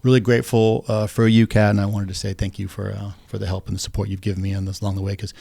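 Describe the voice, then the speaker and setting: Earnest low-voiced male guest. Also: flat delivery, racing, gravelly, warm tone, no room sound. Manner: earnest, grateful, a bit rambling. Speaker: podcast guest, veteran. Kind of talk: casual podcast conversation.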